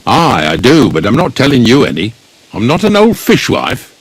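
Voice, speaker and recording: Blunt folksy gravedigger, grumbles, bouncy intonation. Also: male voice, medium pitch, huge pitch swings, normal speed, slightly rough, dry recording. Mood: gruff. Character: gruff older village gravedigger, blunt and grumbling. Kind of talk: video game dialogue.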